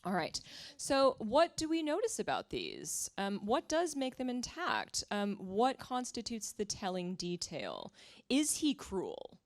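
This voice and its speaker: A woman's voice: medium pitch, huge pitch swings, unhurried, few pauses. A woman guest writer in a library seminar who reads short pieces aloud and chats with many small laughs. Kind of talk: conversational seminar reading aloud. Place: library event room with live audience.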